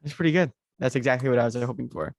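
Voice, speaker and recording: A male podcast co-host chatting casually over a video call. He rambles and hesitates, filling gaps with fillers. His voice sits at an ordinary pitch with a dry, close sound. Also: very fast, gravelly, a little mellow, dry recording. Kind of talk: casual chat.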